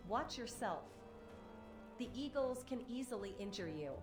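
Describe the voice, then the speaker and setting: A woman's voice: fairly high pitch, lively intonation, a little slow. Woman as a chatty young game villager, ai voice, bouncy tone, roomy sound with music. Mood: friendly. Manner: chatty, lightly joking. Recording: echoey game audio over music.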